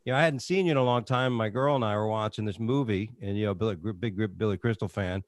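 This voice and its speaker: A man's voice: lowish voice, quick pace, no room sound, clean studio sound. A man hosting a casual talk show, rambling with fillers and restarts. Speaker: show host.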